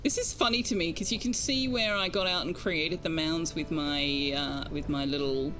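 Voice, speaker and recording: A woman's voice: low voice, moderate pace, fairly bright tone, a little hiss or hum. An Australian woman streaming a game, chatting casually with her viewers and enunciating carefully. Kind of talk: casual gaming stream chat.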